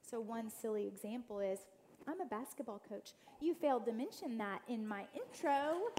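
A woman speaking to a church gathering with a slightly high voice. She tells personal stories and talks straight to her listeners. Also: normal speed, dark tone, a little hiss or hum. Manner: storytelling, addresses the audience directly; acts out quoted family voices. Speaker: guest speaker. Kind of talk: inspirational church talk.

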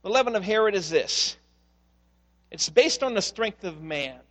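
Male pastor, sermon, lively storytelling, higher voice, long hall reverb. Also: normal speed. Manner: animated storytelling, acts out voices in quotes.

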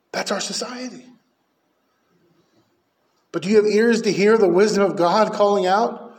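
A male pastor delivering a fervent sermon. His voice sits a touch high for a man, and his delivery swings from hushed, low phrases up to loud, emphatic peaks. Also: a little slow, long pauses.

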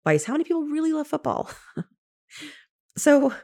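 A woman in her fifties, an interior designer and coach, telling stories from her career in an animated way, laughing often and acting out what she said to others. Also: sits high, normal speed, vocal fry. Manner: animated, laughs often, quotes herself in lively asides. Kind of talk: casual storytelling.

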